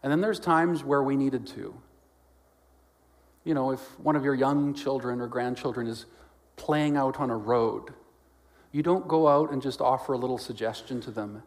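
A man preaching a sermon as pastor, swinging between loud exclamations and quiet, lowered lines, and acting out quoted voices with jokes. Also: normal speed.

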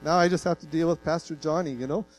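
A man's voice: fairly high pitch, fairly even intonation, fast talker, slight background noise, poor audio. Earnest, folksy male pastor preaching. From Canada. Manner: earnest, folksy, emotional, self-deprecating humor. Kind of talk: sermon.

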